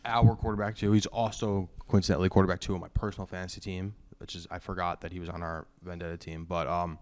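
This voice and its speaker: A man's voice: sits low, little pitch movement, fast, hardly any pauses. A young man hosting a podcast, chatting loosely and jokily about sports into a microphone at home. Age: young adult. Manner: loose, rambling, jokey. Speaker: podcast host. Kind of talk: casual sports chat. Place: room at home. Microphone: studio microphone.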